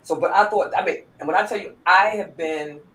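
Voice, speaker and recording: A woman's voice: on the low side, brisk, fairly bright tone, echoey room, low-quality recording. A woman, a former police corporal, telling a heartfelt personal story with lots of restarts and repeats.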